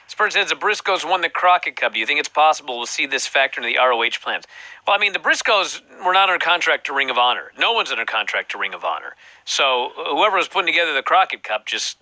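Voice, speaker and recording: A man hosting a casual podcast, talking with a very bright, forward tone and lively pitch. He tells stories animatedly, swearing freely. The sound is dry and close. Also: fast, dry recording, rough recording. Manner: animated, profane storytelling. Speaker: podcast host. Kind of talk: casual chat.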